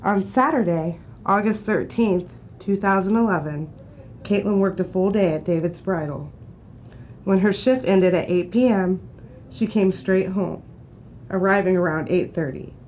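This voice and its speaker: A woman giving scripted documentary narration in a measured, even reading. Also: medium pitch, a little hiss or hum.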